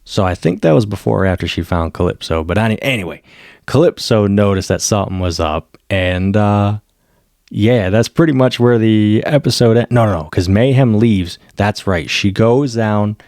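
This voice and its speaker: Male reviewer, low fry-heavy voice, excitable chatty recap, dry room. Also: moderate pace, dry recording. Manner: excitable, laughs often, acts out quotes. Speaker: TV episode reviewer. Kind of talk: casual recap.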